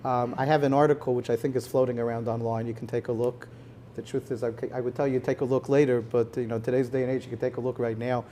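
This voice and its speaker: Mellow-voiced rabbi explaining calmly. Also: male voice, medium pitch, a little hiss or hum. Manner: measured, explanatory, frequent "you know". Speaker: rabbi, head of a conversion court, guest. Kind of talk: live conversation before an audience. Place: synagogue hall with an audience.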